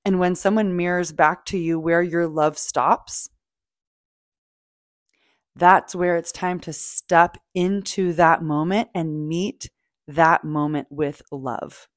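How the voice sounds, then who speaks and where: A woman hosting a podcast, talking in a casual, animated motivational monologue, swearing freely and acting out feelings. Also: fairly low pitch, no room sound, studio quality. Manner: animated, swearing, playful, acts out quoted feelings. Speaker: podcast host.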